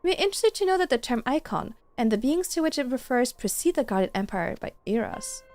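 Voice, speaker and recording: A woman's voice: high voice, big pitch swings, fast, a little mellow, dry recording, faint music behind. A woman reading aloud the formal lines of a mysterious male game stranger. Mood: solemn.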